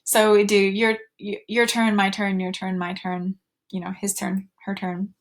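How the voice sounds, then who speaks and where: A woman's voice: mid-range voice, steady tone, normal speed, fairly bright tone. A woman teaching a recorded slide lecture, with fillers and restarts, going sing-song when she models talk to children.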